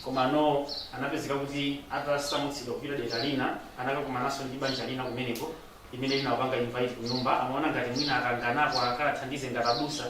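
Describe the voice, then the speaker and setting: A man's voice: medium pitch, level tone, racing. A man interpreting a talk, hesitant and searching for words at times. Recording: echoey room, mic far off, noisy.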